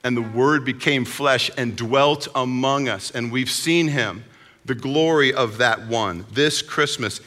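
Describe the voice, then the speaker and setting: A man preaching a sermon as pastor, in a conversational, animated way, recorded in a large hall. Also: mid-range voice. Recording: long hall reverb.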